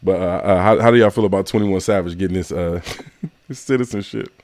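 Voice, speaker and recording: A man with a lowish voice hosts a casual podcast chat. He gets animated and laughs through his stories. The sound is close and dry. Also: brisk, no echo. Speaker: podcast co-host.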